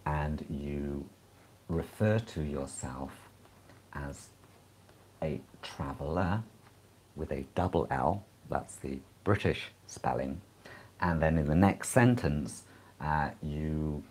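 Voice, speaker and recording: A man teaching English exam preparation, explaining calmly with frequent short pauses. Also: rumbling low, a little hiss or hum. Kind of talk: live-streamed exam advice lesson.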